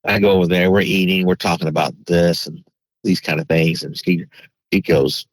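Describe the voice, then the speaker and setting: A man with a low, slightly husky voice tells a personal story as a podcast guest. He rambles and restarts his sentences often. The recording is dry and close. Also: fairly even intonation, moderate pace, no room sound, poor audio. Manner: rambling, many restarts and fillers. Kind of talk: casual storytelling.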